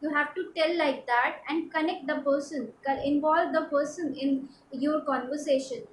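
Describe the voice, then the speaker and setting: High-voiced woman from India giving tips. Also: fairly even intonation, roomy sound, slight background noise, rough recording. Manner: halting, many fillers and restarts, repeats for emphasis. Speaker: personality development trainer. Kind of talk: instructional talk to camera.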